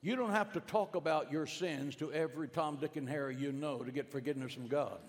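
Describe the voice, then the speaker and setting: A middle-aged male pastor telling a family story in a sermon, swinging from hushed lines to emphatic bursts. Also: a little high, brisk, a little hiss or hum. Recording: long hall reverb.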